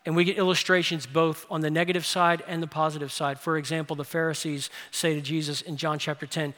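A man preaching a Sunday sermon, his voice high and bright. He presses his points with earnest rhetorical questions, and the sound carries a long reverb through a large church sanctuary. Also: a little fast. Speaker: pastor.

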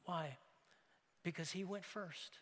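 A man delivers a sermon with a high, bright voice. He tells a story, then builds into fervent calls to come in. Long reverb from a large church hall hangs behind every phrase. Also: takes it slowly. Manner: builds to loud impassioned exhortation. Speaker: pastor. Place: church sanctuary.

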